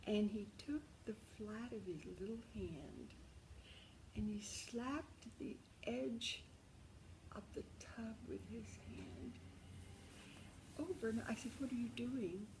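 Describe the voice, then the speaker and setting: Older woman storyteller, gravelly unhurried voice, intimate, slips into whispers. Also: on the high side, background noise. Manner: intimate, emotional, calls the listener darling, drops into whispers. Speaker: memoir storyteller. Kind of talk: personal storytelling.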